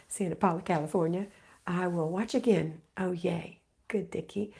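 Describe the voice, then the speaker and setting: Speaking at a normal pace, this middle-aged woman has a lowish, husky, creaky voice with a dark tone. Recovering from illness, she runs a live homemaking Q&A, reading comments from viewers aloud and offering warm, motherly, encouraging answers.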